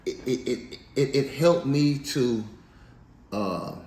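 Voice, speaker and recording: A man telling his life story in a casual interview, animated and slangy, laughing as he goes. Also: mid-range voice, takes it slowly. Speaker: interview guest. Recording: echoey room, faint background noise.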